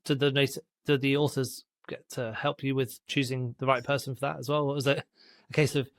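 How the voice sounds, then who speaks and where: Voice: medium pitch, little pitch movement, brisk, dry recording, studio quality. A podcast host asking a question in casual interview talk. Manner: brief encouraging interjections.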